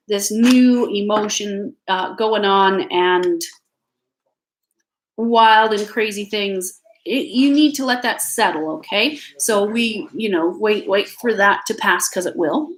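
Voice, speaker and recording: A woman with a Canadian accent and a mid-range voice gives a live tarot reading at a measured pace from her home. Slight background noise and nearby family sounds mark the rough recording, while she talks in a friendly, reassuring way, often filling gaps and restarting sentences.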